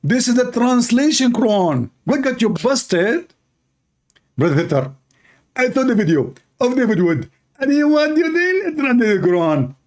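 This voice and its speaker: A man putting on a squeaky, indignant male commenter voice with exaggerated broken English. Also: sing-song, a little slow, darkish tone, heavily acted.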